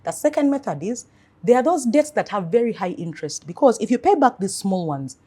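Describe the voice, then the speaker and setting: A woman financial coach giving earnest advice in an interview, telling animated stories. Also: fairly high pitch, a little fast, breathy edge.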